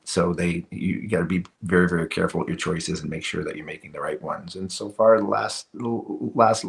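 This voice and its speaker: Deep gravelly guy in his middle years telling a story on a podcast, lots of you knows. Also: fairly even intonation, fairly quick. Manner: emotional retelling with many restarts and "you know". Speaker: podcast guest, retired hockey player. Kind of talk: storytelling in a casual interview.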